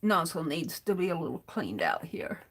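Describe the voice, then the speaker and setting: A woman's voice: fairly low pitch, very animated, moderate pace, a bit bright, slightly rough. A woman hosting an art livestream from her desk, chatting to viewers and narrating her crafting as she works. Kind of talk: casual craft demo livestream.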